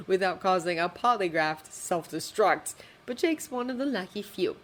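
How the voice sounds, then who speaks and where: A woman reading a fanfiction story aloud with expressive storytelling. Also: fairly low pitch, normal speed. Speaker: fanfiction reader.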